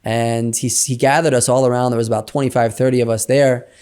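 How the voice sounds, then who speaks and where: A man in an interview, telling a personal story in a chatty, animated way with many fillers like "you know". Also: medium pitch, fairly quick, smooth. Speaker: interview guest.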